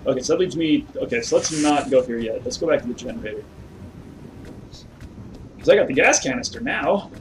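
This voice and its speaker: A man's voice: mid-range voice, a little fast, pauses often, recorded from a distance, a little hiss or hum, low-quality recording. A man giving let's play commentary on a horror game, talking to himself, humming along and yelping when scared. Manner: excitable, talks to himself, hums along, yelps when scared. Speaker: gamer playing a horror game. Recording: voice a bit off-mic over clear game music.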